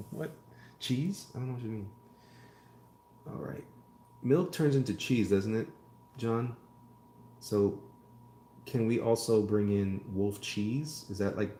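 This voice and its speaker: In a dark, lowish voice, a comic artist speaks a little slowly with frequent pauses as he draws live. He reads chat aloud, riffs on it, and rambles jokingly. The audio sounds roomy with slight hiss or hum.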